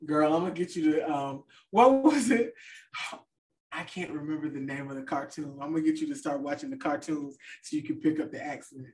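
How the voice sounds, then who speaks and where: A woman's voice: low-pitched, brisk, distant mic. A woman co-hosting a podcast in casual chat, talking loosely with fillers and trailing off. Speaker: podcast co-host.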